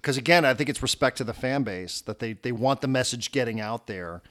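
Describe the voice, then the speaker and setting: A man's voice: medium pitch, brisk. A sports radio host, a man, telling stories in a casual talk and acting out what others said. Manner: animated storyteller, acts out quotes.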